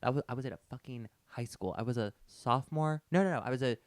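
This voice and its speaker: Fast-talking young man telling a story. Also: medium pitch, smooth, dry recording. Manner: animated storytelling, acting out both sides of a conversation. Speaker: podcast co-host. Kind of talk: casual chat.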